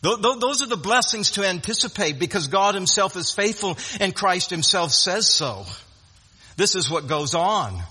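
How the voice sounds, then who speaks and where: A man with a high, bright voice preaches a sermon emphatically, repeating words and restarting phrases. His voice rings out with a long reverb, as in a church sanctuary. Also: slightly rough.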